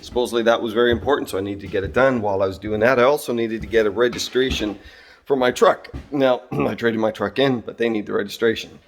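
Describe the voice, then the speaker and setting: A middle-aged man talks through a personal story and what he learned from it, pausing often with fillers and clearing his throat. His voice sits slightly low and unhurried. A faint background noise runs under the recording. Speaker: vlogger and job-site supervisor. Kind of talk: reflective storytelling monologue.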